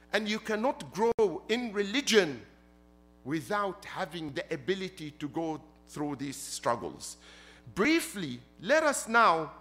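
A man's voice: high voice, sharp tone. A man preaching a sermon as a sheikh, emphatic, repeating his points and asking rhetorical questions. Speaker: sheikh preaching at a Muharram gathering.

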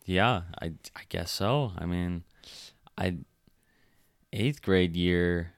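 A young man co-hosting a casual podcast, speaking softly and hesitantly, often restarting his sentences. His voice is very low, smooth and resonant. It is recorded close and dry. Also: slow, no room sound. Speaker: podcast co-host. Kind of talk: casual chat.

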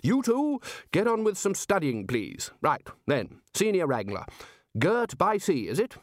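A man doing a booming bluff older wizard chief, raised pitch, very animated. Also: a little slow, no room sound, studio quality, heavily acted. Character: loud bluff older male archchancellor.

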